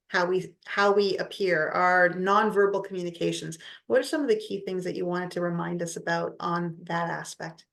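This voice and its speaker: Woman host, lawyer, lowish voice, hesitant and searching questions. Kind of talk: conversational interview.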